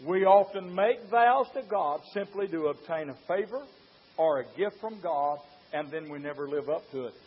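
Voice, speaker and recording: High-voiced fervent preacher. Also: male voice, lively intonation, normal speed, slightly rough. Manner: fervent, rising to shouts; rhetorical questions to the congregation. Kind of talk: sermon. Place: church. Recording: dull lo-fi sermon recording.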